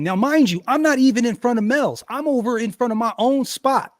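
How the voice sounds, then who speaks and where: Man, high voice, podcast host, animated, profane, dry recording. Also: fast talker, no echo. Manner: animated, profane, acts out quotes loudly. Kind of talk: casual storytelling chat.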